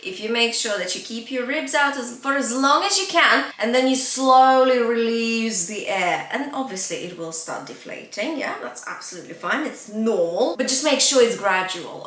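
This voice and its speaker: A woman's voice: on the high side, sharp tone, echoey room. A woman vocal coach teaching a singing lesson. She is encouraging, checks in often with "yeah?" and "okay?", and breaks into short sung demonstrations.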